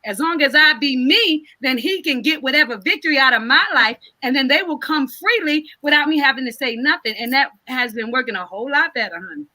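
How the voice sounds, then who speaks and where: A woman's voice: high-pitched, animated, a little fast, few pauses, bright, forceful tone. A woman talking in a preaching, sermon-like cadence during a casual podcast chat, emphatic and informal.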